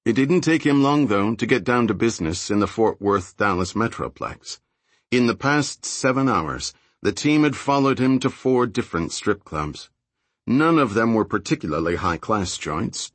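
A man reading a thriller audiobook in a steady, low-key scripted narration. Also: normal speed, no room sound.

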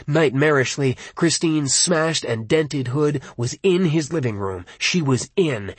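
A man reading a suspenseful novel aloud as an audiobook, in a measured, dramatic storytelling style. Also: mid-range voice, breathy edge, no echo. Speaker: audiobook narrator.

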